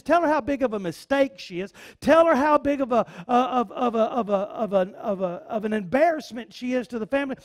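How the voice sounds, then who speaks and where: High-voiced man preaching fervently. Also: fairly quick. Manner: fervent, repetitive preaching with folksy sayings. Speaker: pastor. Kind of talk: sermon.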